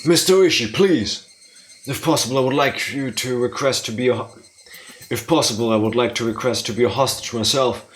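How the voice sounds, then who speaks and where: A man's voice: mid-range voice, a little fast, slight background noise, lightly acted. A man voicing a determined, self-sacrificing female schoolteacher with raised, earnest pleading.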